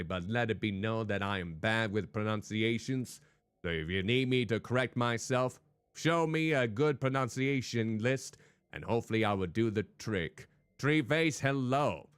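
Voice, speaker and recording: A man's voice: lowish voice, lively intonation, normal speed, a bit bright, smooth, no room sound, studio quality. A man streaming a game, talking in a put-on hardboiled noir private-eye voice and chatting with his viewers. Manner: chatty, greets viewers by name. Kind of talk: live game-stream commentary. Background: faint background music.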